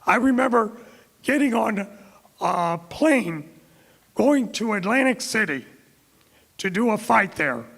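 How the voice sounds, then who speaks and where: Slow and full of pauses, a middle-aged Floridian from Tampa delivers a storytelling keynote, quoting and acting out the characters in his anecdotes. His high voice is creaky and fairly bright with lively intonation, recorded in an echoing hall.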